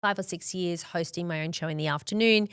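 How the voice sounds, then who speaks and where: A woman's voice: fairly low pitch, brisk, clear, resonant tone, no room sound, clean studio sound. An Australian woman in her forties, a podcast guest telling her story candidly and acting out the dialogue she quotes. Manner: animated, acts out quoted dialogue, frequent "like".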